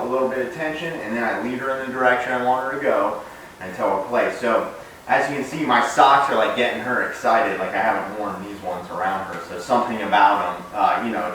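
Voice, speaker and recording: In a casual instructional demo, a young adult man who trains dogs explains puppy training in a medium-pitched voice while working with the dog. His manner is relaxed, punctuated by bright, sharp commands to the puppy. A distant mic in a very echoey room captured it, along with a little hiss or hum.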